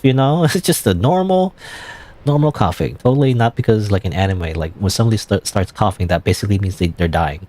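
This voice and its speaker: A man's voice: on the low side, expressive, quick pace, a little mellow, no room sound. A man streaming a game, rambling and self-deprecating with chuckles. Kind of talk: game playthrough commentary.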